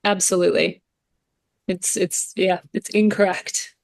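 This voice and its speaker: A woman's voice: lowish voice, steady tone, unhurried, creaky. A woman, a voice coach speaking as a podcast guest, earnest and emphatic, often repeating phrases. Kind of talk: interview conversation.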